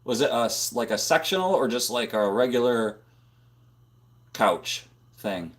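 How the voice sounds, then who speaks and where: Rambling casual man on a boom mic. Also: lively intonation, unhurried. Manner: rambling, filler-heavy, says "dude" and "like" a lot. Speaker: livestream host. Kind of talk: casual livestream chat. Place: home room full of computer monitors. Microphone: boom-mounted microphone.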